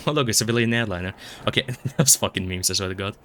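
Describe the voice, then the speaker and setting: A man's voice: fairly low pitch, fast, a bit bright, slight background noise. A man streaming a video game, chatting in a rambling, self-mocking way, swearing a lot and stumbling over his words. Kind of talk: casual gameplay commentary. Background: game music.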